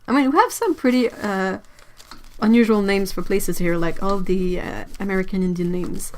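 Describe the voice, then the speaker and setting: A woman's voice: mid-range voice, moderate pace, slight background noise. A young woman, hosting a casual livestream chat, musing aloud and sounding out words with frequent laughs. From Quebec, Canada. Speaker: livestream host, artist.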